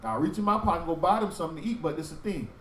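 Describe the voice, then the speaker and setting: Lively, high-pitched man telling stories. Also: very fast, roomy sound, recorded from a distance, slight background noise, rough recording. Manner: animated storytelling, acting out street talk. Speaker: teacher of a religious group. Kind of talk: sermon-style Bible teaching.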